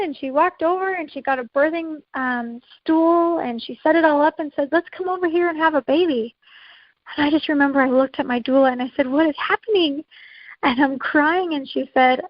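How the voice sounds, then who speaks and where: A woman's voice: high voice, no echo, lo-fi sound. A woman co-hosting a podcast, earnestly telling her own emotional birth story. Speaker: podcast co-host.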